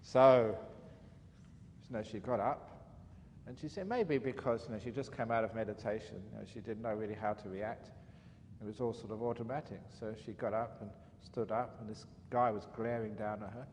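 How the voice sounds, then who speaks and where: A man, a monk, giving a dharma talk as an animated, chatty storyteller. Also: on the low side, moderate pace. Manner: animated, chatty storyteller with frequent "you know". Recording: reverberant hall, faint background noise.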